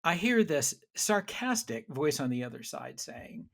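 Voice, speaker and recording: Middle-aged male author guest, gravelly, animated storyteller, chatty. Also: on the high side, a little slow, few pauses. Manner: animated storyteller with frequent restarts. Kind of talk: conversational interview storytelling.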